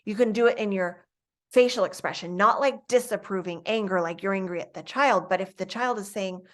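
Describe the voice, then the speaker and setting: Middle-aged female instructor, calm, measured, step-by-step lecture delivery, mid-range pitch. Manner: calm, explaining step by step, soft acted examples for students. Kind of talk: instructional lecture on classroom coaching.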